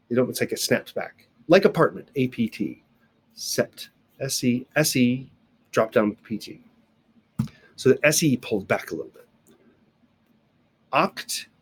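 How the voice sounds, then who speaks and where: A man's voice: medium pitch, breathy edge. Man teaching a casual video lesson. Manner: explains step by step with sound effects and asides. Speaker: sign language teacher. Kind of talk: casual recorded video lecture. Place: indoors, recording alone into a camera.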